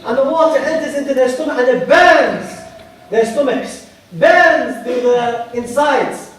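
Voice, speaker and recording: A man's voice: extremely high pitch, a little slow, fairly bright tone. A man preaching a sermon, emphatic, repeating phrases for weight. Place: mosque prayer hall. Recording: very echoey hall, voice far from mic.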